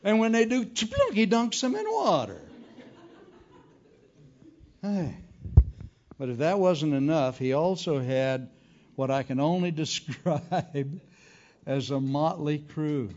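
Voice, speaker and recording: A man's voice: fairly high pitch, slow pace, pauses often, slight background noise. A man preaching a humorous sermon as an evangelist, telling folksy stories with jokes. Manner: folksy, joking, animated storytelling. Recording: dull lo-fi recording.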